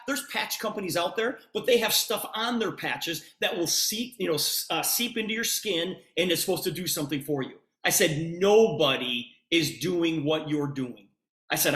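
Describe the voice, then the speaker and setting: A man presenting on a video call, telling an animated story and acting out both sides of a conversation as a sales pitch. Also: echoey room. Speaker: presenter on a business opportunity call.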